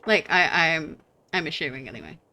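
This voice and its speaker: Young woman streamer, bright, crisp voice, chatty and rambling. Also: low voice, expressive, brisk. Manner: chatty, self-deprecating, rambling. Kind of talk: reading a game aloud and chatting with viewers.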